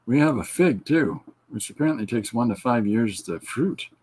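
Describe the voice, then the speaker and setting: A man's voice: mid-range voice, lively intonation, normal speed, darkish tone, breathy edge. A middle-aged man hosting a podcast, chatting casually and joking while he reads viewer comments and laughs at his own retellings. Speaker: podcast host.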